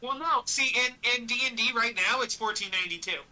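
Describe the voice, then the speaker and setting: A man runs a tabletop game session as game master, with a very bright, cutting tone. He talks in halting bursts, with restarts and fillers, and his voice comes through a webcam microphone. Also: extremely high pitch, poor audio. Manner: halting, laughs between phrases. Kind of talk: narrating a tabletop game over voice chat.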